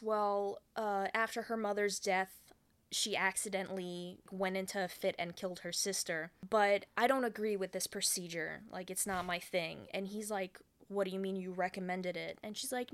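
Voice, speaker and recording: A woman in casual podcast chat, walking a friend through a film's plot scene by scene. Her voice sits at a middle pitch, and she keeps acting out what each character says, with a steady stream of "like" fillers. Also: a little slow, clean tone. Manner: animated retelling with many "like" fillers, acting out lines. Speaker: podcast co-host recapping a film.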